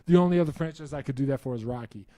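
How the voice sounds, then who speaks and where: A man's voice: mid-range voice, racing, dark tone, no room sound, clean studio sound. A man hosting a casual live stream, answering viewer questions in a rambling, self-interrupting way with wry enthusiasm.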